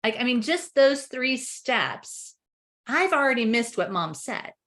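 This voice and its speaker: A woman talking as a parenting coach on a webinar, animated, laughing as she explains and acting out family dialogue. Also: on the high side, measured pace. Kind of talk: webinar conversation.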